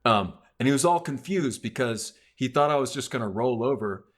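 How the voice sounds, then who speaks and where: A man's voice: mid-range voice, expressive, normal speed, few pauses. A man casually telling a long personal story on a podcast, loose and rambling with plenty of fillers. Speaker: podcast guest.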